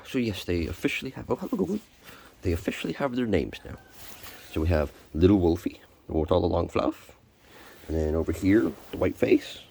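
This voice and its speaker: A man on a cold morning, chatting to his kittens during chores and swinging between high, sing-song baby talk and a low, plain voice. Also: gravelly, a little mellow, breathy edge. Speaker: vlogger caring for animals. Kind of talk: casual talk to pets while doing morning chores. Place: outdoors or animal shed on a cold morning.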